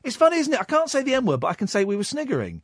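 Wry rambling radio host. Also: male voice, very high-pitched, huge pitch swings, rapid-fire, husky, dry recording, studio quality. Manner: wry, rambling, self-mocking. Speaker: radio talk show host. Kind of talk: late-night radio chat. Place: radio studio.

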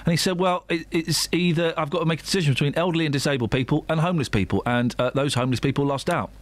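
A man's voice: on the high side, racing. A man hosting a breakfast radio show, bantering in a teasing, jokey way. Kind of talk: casual radio chat.

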